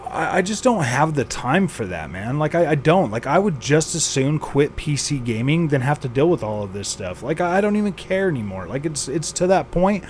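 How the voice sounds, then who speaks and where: A man's voice: fairly high pitch, sing-song, normal speed, hardly any pauses, a little hiss or hum. A man hosting a gaming channel, venting with exasperation, sighing and repeating himself as he rants. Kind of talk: frustrated venting vlog.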